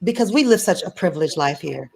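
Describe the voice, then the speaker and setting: A woman's voice: on the low side, expressive, fast, vocal fry, darkish tone, breathy edge, poor audio. Earnest woman telling a personal story. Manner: earnest, storytelling, many restarts. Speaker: interview guest, singer. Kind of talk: casual conversation.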